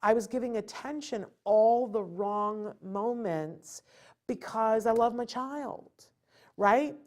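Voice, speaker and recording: A middle-aged woman hosting a live talk show, giving parenting advice in a lively, animated way and acting out a child's point of view. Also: fairly high pitch, slow. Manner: animated, acts out a child's thoughts and parental lectures. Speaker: host.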